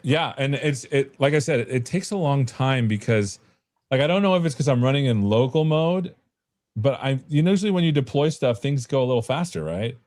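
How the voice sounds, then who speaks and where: A man's voice: mid-range voice, lively intonation, brisk, darkish tone. A man on a video call giving a casual, rambling walkthrough of an app he built, with lots of "like" and "right?". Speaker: developer guest demoing an app. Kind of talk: casual tech demo chat on a livestream.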